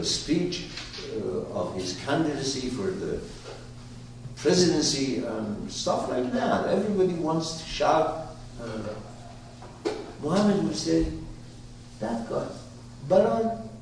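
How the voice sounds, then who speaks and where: A man tells an old story to a gathered group, slowly and with lots of pauses, his pitch leaping up and down as he quizzes his listeners. His voice comes from some way off the mic and rings around a very echoey room. A faint background hum sits under it. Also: creaky. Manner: animated storyteller, questions the listeners. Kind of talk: storytelling talk to a live group. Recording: roomy hall, voice from far off.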